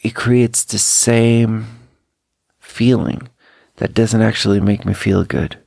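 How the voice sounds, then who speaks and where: A man's voice: lowish voice, fairly even intonation, slow, gravelly, a little mellow, no echo, studio quality. A man hosting a solo podcast, talking in a rambling, introspective and self-critical way about managing a team. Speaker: podcast host. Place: indoors at home by an open window.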